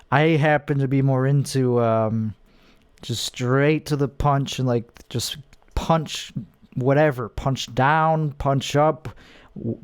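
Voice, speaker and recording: A man's voice: medium pitch, clean tone, no room sound. A man hosting a podcast, giving dry, sarcastic commentary on clips. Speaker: podcast host. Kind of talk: casual commentary.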